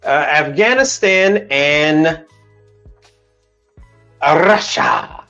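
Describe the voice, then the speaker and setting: Over lo-fi sound, a man with a slightly high voice hosts a casual livestream chat from Houston, Texas. He's animated, blunt, and heavily profane.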